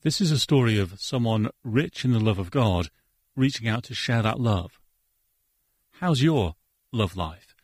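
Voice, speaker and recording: Husky-voiced man giving a radio devotional. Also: lowish voice, expressive, unhurried, dry recording, clean studio sound. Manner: earnest, preacherly, quotes scripture. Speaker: radio co-host.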